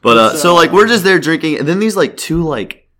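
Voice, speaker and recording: A man's voice: a little high, very animated, a little fast, a crowd in the background. A young man casually telling a long, profane story on a podcast, packed with "like" fillers and laughing as he goes. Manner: rambling, profane, many "like" fillers.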